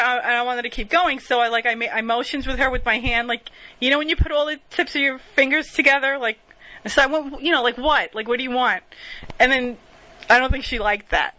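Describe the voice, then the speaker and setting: A woman talks in a loose, rambling monologue, circling back and losing her thread as she tells stories from her day. Her voice sits a little high and sounds bright, and she laughs at herself and swears freely along the way. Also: poor audio. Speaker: vlogger telling stories. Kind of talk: casual monologue, storytelling.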